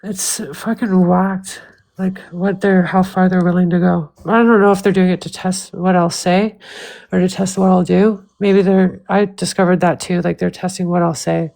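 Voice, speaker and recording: A woman's voice: on the low side, little pitch movement, normal speed, vocal fry, mellow, poor audio. A woman livestreaming, ranting at length in a heated, profane, repetitive way.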